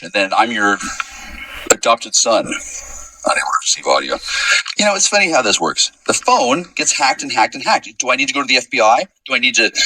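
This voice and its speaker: A man's voice: bright, forceful tone, no echo, far from the mic, rough recording. A man talking alone in a rambling, sarcastic monologue that accuses people, with his voice leaping up suddenly. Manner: sarcastic, accusing rant with sudden pitch jumps. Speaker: vlogger.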